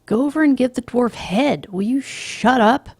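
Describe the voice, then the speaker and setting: A woman's voice: a little high, moderate pace, darkish tone, breathy edge, dry recording, studio quality, pitched above the performer's own voice. A woman voicing a snappy, sneering young Wall Street man.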